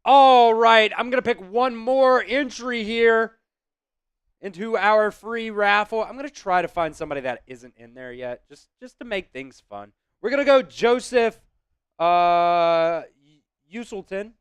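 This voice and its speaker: A man hosting a live stream, chatting with viewers and shouting excited play-by-play football calls. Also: high voice, measured pace, clean tone, dry recording.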